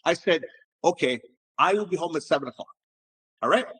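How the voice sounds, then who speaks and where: Husky, animated middle-aged man. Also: a little high, fairly quick. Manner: animated, repeats words on restarts, swears casually. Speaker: entrepreneur guest. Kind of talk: casual storytelling interview.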